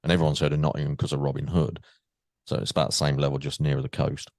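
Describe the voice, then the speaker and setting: A man's voice: rumbling low, little pitch movement, fast talker, darkish tone, no echo. An English man hosting a podcast, chatting casually and laughing with his guest. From England. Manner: chatty, laughing, restarts often. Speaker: podcast host. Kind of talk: casual interview chat.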